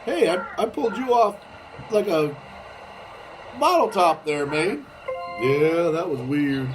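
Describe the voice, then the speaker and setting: A woman voicing a goofy talking puzzle-piece state in a low, drawn-out voice, with music underneath. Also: lively intonation, poor audio.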